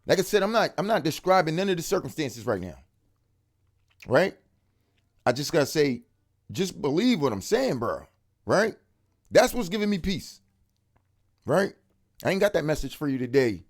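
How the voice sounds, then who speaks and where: A man giving an excited, casual faith testimony to camera, full of street slang and repeated words for emphasis. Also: on the high side, normal speed, pauses often. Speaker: religious video speaker.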